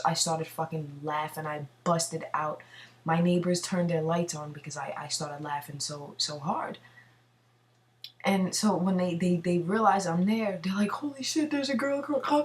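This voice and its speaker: A young woman tells a story in a rambling, profane, animated way, sitting at a computer in her home bathroom. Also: lowish voice, recorded from a distance. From New York City. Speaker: vlogger. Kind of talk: casual storytelling. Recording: voice from away from the mic.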